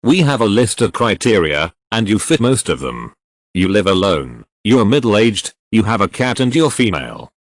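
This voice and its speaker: A man voicing a gruff, matter-of-fact male soldier in a much deeper, quieter voice than his own in a comedy reading. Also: big pitch swings, moderate pace, no room sound, studio quality.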